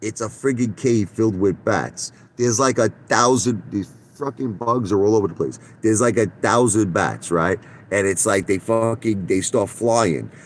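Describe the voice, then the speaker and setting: A man's voice: on the low side, moderate pace, slight background noise. A middle-aged man talking to his viewers from his parked car in a casual, profane monologue full of restarts and tangents. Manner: blunt, profane storyteller with many restarts. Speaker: vlogger.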